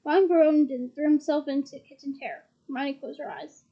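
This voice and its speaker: A woman's voice: high-pitched, normal speed, highs cut off. A woman reading a fantasy novel aloud, narrating steadily and with expression. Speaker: reader.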